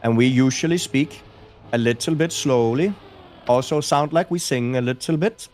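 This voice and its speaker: Man imitating Norwegian man: slow, sing-song, lilting, jokey. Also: mid-range voice, darkish tone, lightly acted. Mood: playful. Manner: slow, lilting, singing delivery.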